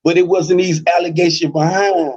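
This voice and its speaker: A man's voice: sits high, fairly even intonation, moderate pace, a loud crowd. A man with a Memphis accent talking in a rambling, laid-back way during a casual debate. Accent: Memphis, Southern US. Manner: rambling, laid-back, fillers like you know what I'm saying. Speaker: co-host, debate guest. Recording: muffled lo-fi audio.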